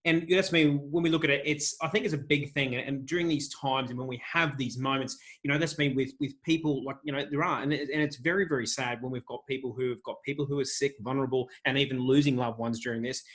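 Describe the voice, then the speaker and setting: A man's voice: mid-range voice, fairly even intonation, fast talker, few pauses, fairly bright tone. A man hosting a podcast, speaking casually in a rambling way with many restarts. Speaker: podcast host, medium. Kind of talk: casual chat.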